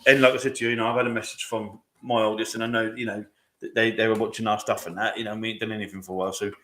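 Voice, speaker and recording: A man, talking fast and emphatically in a casual podcast chat, swearing often and calling his listener "mate". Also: fairly low pitch, level tone, fairly bright tone. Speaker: podcast co-host.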